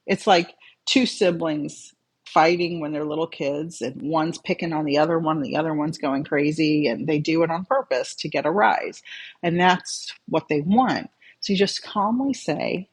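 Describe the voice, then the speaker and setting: Husky-voiced medium, mid-pitched, relaxed advice chat with viewers. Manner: calm, conversational, reads out viewer comments and replies. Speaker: spiritual medium answering viewer comments. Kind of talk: casual livestream advice chat.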